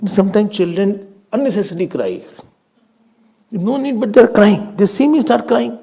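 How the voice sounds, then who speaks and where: An older Indian man with a gravelly, husky voice gives a spiritual talk. His pitch swings widely as he tells stories and asks questions, and he often drops to a whisper. His tone is dark and mellow. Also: lively intonation, moderate pace. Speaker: swami giving a spiritual talk. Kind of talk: spiritual discourse.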